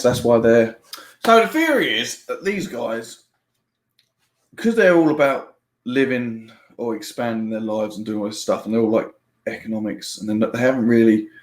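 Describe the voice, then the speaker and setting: Man, casual book review, rambling and chatty, mid pitch, echoey room. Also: a little mellow. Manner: rambling, chatty, laughs often, frequent restarts. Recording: roomy echo.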